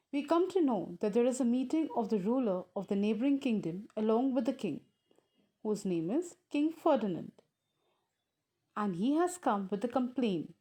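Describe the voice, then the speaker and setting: A woman's voice: a little high, dark tone. A woman teacher explaining a play to young students, defining words and retelling scenes. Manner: slow, explanatory, repeats "students". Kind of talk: explaining a story lesson to young pupils.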